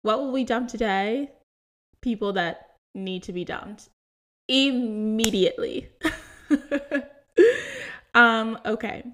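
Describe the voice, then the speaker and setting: A woman's voice: fairly high pitch, slow pace, pauses often, a bit bright, slight background noise. A woman in her twenties hosting a podcast, telling personal stories in a chatty, laugh-filled way with lots of fillers. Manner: chatty, laughing often, full of likes and ums. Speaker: podcast host. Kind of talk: casual storytelling chat.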